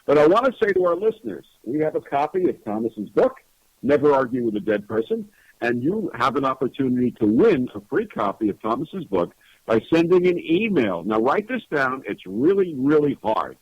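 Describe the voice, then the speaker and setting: Lively husky radio host, man. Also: mid-range voice, normal speed, no echo. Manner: lively, promotional, emphatic. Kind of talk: radio hosting. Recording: dull lo-fi radio audio.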